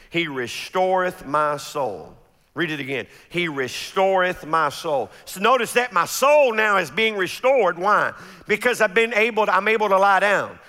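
A man preaching a sermon as pastor, stumbling over repeated words and drawing out scripture readings slowly. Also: high voice, sharp tone, big-room sound.

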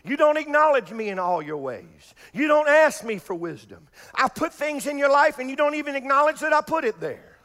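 Middle-aged pastor, male, high and animated, repetitive fervent preaching. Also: normal speed, hardly any pauses, long reverb tail. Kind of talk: sermon. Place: church before a congregation.

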